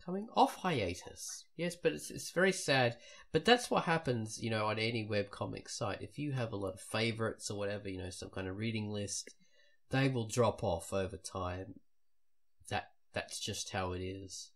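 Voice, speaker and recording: A man's voice: fairly low pitch, normal speed, a bit bright. A man hosting a podcast in casual chat, rambling and trailing off with a self-deprecating tone. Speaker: podcast host.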